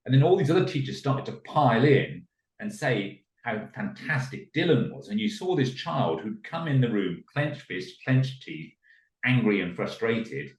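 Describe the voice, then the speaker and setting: A man's voice: medium pitch, animated, normal speed, a little mellow, recorded from a distance. A middle-aged man, a podcast guest, telling a story and acting out its characters in raised voices. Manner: acts out the people in his story in raised voices. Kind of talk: animated storytelling. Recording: echoey room, a little off mic.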